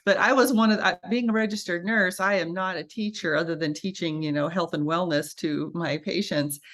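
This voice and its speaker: Woman nurse guest telling a personal story, kinda low voice, animated, does little voices for the people she quotes. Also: a little fast. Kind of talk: casual interview storytelling.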